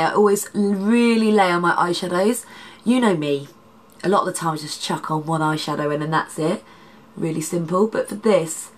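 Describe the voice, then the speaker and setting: A woman, a makeup artist, chatting through a makeup tutorial with a congested, nasal, slightly husky voice and rambling asides. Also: mid-range voice. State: congested, nasal from hay fever.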